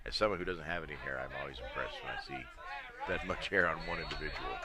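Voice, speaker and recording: A man giving relaxed, chatty live commentary on a lacrosse game at an outdoor stadium, with dry humor and frequent fillers. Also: a bass voice, fast. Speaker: play-by-play commentator.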